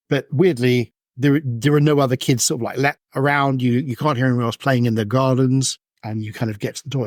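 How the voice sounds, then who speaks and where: A man's voice: mid-range voice, a little mellow, no echo, studio quality. A man narrating as game master of a tabletop role-playing game, describing scenes in a loose, rambling way with many fillers.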